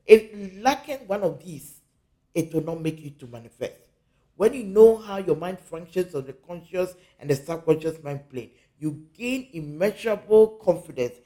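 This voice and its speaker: Spiritual teacher from Africa, earnest, warm mellow tone, hammers key phrases home. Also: medium pitch, lively intonation, moderate pace.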